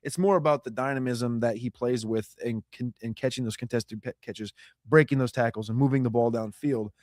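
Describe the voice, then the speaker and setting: Male analyst, mid pitch, emphatic and slangy, dry sound. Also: steady tone, brisk, darkish tone, no echo. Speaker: fantasy football analyst. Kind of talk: live draft coverage chat.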